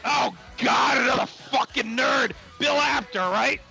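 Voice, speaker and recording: Guy doing a loud crude wrestling boss, bright and gravelly, shouts a lot. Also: very high voice, measured pace, faint music behind, heavily acted, poor audio. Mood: contemptuous. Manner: blustering, shouting, crude insults. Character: brash foul-mouthed male wrestling promoter boss.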